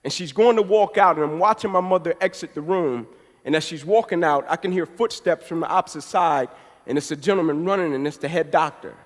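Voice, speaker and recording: A man's voice: fairly high pitch, brisk. A man in his thirties from Atlanta, Georgia, giving a motivational speech, telling his story emphatically with a preacher-like build. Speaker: motivational speaker. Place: large event hall. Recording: long reverb of a large hall.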